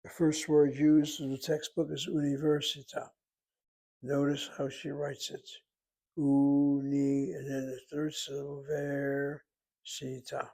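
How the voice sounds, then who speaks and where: A man's voice: fairly high pitch, little pitch movement, normal speed, creaky, few pauses, dark tone, breathy edge. A man teaching a Hebrew lesson, explaining grammar methodically step by step. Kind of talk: recorded language lesson.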